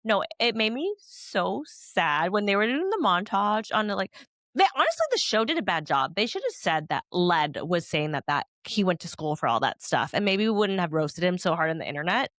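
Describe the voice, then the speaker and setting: A woman's voice: medium pitch, very animated, normal speed, fairly bright tone, dry recording. Young woman, podcast co-host, chatty and giggly, dry close sound. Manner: chatty, lots of likes and laughs. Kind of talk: casual chat.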